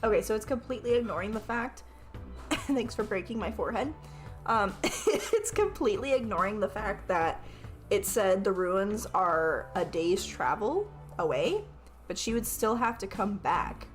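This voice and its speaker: Woman streamer, casual, swears and laughs a lot, reads game narration aloud, lively pitch, faint music behind. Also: a little slow. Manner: swears often, laughs, questions her own pronunciation. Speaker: streamer playing a game with an AI game master.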